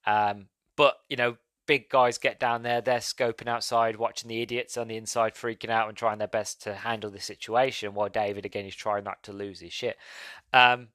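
A man's voice: fairly low pitch, flat delivery, moderate pace, fairly bright tone, no echo. A man hosting a podcast, reviewing a film in casual, rambling talk that goes off on tangents and breaks into laughs. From Britain. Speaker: podcast host.

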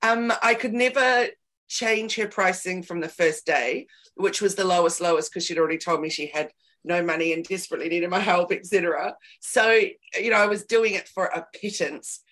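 A woman's voice: fairly low pitch, normal speed, fairly bright tone. A woman hosting a casual chat, telling candid stories with emphatic repeated words.

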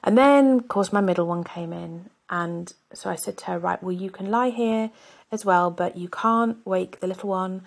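A woman's voice: mid-range voice, normal speed, creaky. A woman hosting a self-help podcast, a mother speaking candidly and thinking aloud in a reflective monologue. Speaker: podcast host; mother of three.

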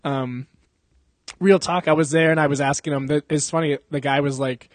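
Brisk and fairly high-voiced, this young podcast host keeps a steady tone while he rambles, curses and laughs often through casual chat. The recording is dry.

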